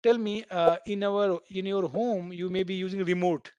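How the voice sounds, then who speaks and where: A man teaches a live programming class in a fairly high voice. He talks students through each idea with homely comparisons and keeps asking "right?" to make sure they follow. The sound is close and dry, with no room around it. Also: steady tone, normal speed, a little mellow, smooth, no echo, highs cut off. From India. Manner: keeps checking in with "right?", explains by everyday analogies. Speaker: programming instructor. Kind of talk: live online coding class.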